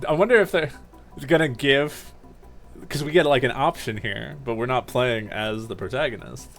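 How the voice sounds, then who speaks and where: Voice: mid-range voice, normal speed, gravelly, faint music behind. A streamer making joking, chatty let's play commentary.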